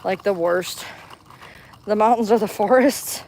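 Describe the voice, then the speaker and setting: A woman's voice: mid-range voice, unhurried, a little mellow, a little hiss or hum. Breathless woman chatting on a live walk. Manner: chatty, chirpy with strangers. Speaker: vlogger streaming live. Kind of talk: casual live walk-and-talk. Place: outdoors in a park, walking. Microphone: handheld phone.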